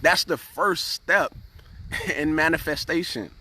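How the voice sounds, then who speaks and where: A man's voice: on the high side, slow pace, background noise. A man hosting a casual motivational live stream, speaking earnestly, repeating words and often asking "right?" as he greets viewers by name.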